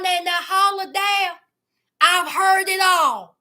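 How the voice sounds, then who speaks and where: A woman's voice: very high voice, slow pace, bright, forceful tone. A woman giving a sassy, teasing reaction commentary on a reality show. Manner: sassy, drawling, teasing asides.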